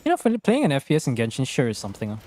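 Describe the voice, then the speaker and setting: A man's voice: mid-range voice, wildly swooping pitch, racing, a little mellow. A young man streaming a game from his room, chatting casually and rambling through jokes, swearing freely and laughing often. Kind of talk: casual live-stream chat while gaming.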